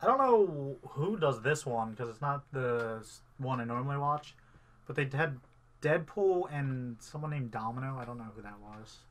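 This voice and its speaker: A man's voice: medium pitch, lively intonation, normal speed. A man co-hosting a casual podcast, joking crudely and laughing often. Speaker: podcast co-host. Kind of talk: casual chat.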